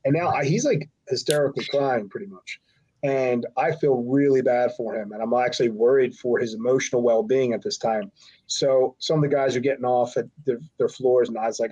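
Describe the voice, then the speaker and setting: A man's voice: mid-range voice, fairly even intonation, fairly quick, a little mellow. A middle-aged man telling a long, rambling anecdote as a podcast guest and acting out the other people's lines in voices. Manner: rambling, acts out quotes with voices. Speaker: podcast guest, former wrestler. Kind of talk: casual storytelling. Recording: slightly dull lo-fi audio.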